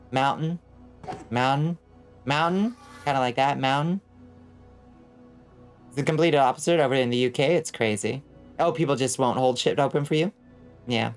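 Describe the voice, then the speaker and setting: A woman's voice: extremely low pitch, darkish tone. Chatty Southern streamer woman. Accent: Southern US, Georgia. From Georgia, US. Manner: chatty, answers chat aloud, plays with pronunciations. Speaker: vtuber streamer. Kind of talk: casual livestream chat while gaming.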